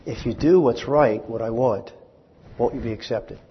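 A man's voice: medium pitch, normal speed, breathy edge. A preacher voicing a kind, fatherly God. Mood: gentle firm. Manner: gentle, plain-spoken, firm. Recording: echoey hall, dull lo-fi sound.

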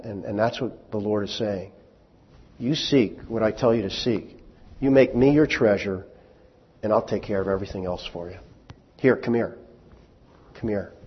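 A man's voice: fairly low pitch, breathy edge. A pastor in his sixties preaching a sermon, stumbling over and repeating words with folksy asides. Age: 60s. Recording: dull sound with long hall reverb.

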